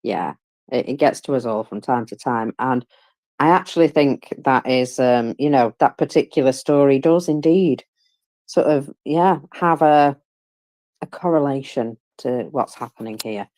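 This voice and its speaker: A host of an online audio chat speaks in a reassuring, friendly way. The voice has a middle pitch. The sound is dry and close. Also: a little slow, darkish tone, dry recording. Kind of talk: casual chat.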